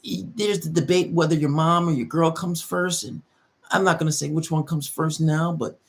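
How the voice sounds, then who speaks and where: A man's voice: on the high side, steady tone, normal speed, vocal fry. A man hosting an advice channel, lecturing his audience in an emphatic, repetitive monologue. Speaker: relationship advice host.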